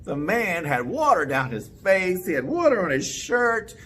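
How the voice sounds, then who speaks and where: A man telling a children's story in a playful, animated way, inviting the kids to join in. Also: high-pitched, a little slow, slight background noise. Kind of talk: interactive children's story time.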